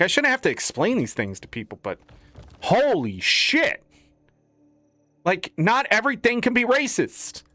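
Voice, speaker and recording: A man's voice: sits high, bright, forceful tone, no echo. A man streaming a game, ranting in a profane, exasperated way.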